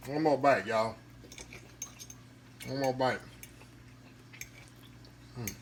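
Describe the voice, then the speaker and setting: Guy with a bright, forceful voice eating in his kitchen, saying y'all a lot, dishes clinking faintly. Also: mid-range voice, normal speed, a little hiss or hum. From Southern US countryside. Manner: chatty, addresses viewers as y'all, hums while chewing. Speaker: cooking channel host. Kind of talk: casual cooking vlog, tasting food. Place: home kitchen. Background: faint clatter of dishes and cutlery.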